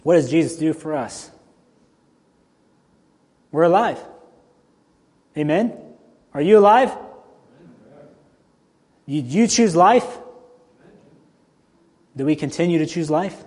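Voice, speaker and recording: A man's voice: on the high side, slow pace, pauses often, slightly rough. Man preaching in a reverberant hall. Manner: conversational and animated, with sudden loud and soft swings. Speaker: pastor. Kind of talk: sermon.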